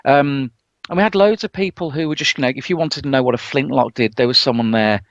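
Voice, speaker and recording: A man's voice: medium pitch, quick pace, no echo. A man, co-hosting a podcast, telling a story enthusiastically with lots of "um" and "you know". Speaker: podcast co-host. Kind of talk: casual chat. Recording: dull, lo-fi podcast audio.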